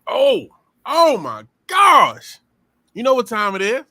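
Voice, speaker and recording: A man's voice: extremely high pitch, wildly swooping pitch, slow, pushed and bright, dry recording. A man co-hosting a casual podcast, teasing and repeating himself as he presses his point. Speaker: podcast co-host.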